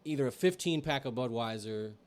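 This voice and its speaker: A man's voice: mid-range voice, brisk. A young man on a podcast, casually telling rambling, profane stories about his old delivery job. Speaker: podcast co-host. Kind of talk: casual storytelling chat.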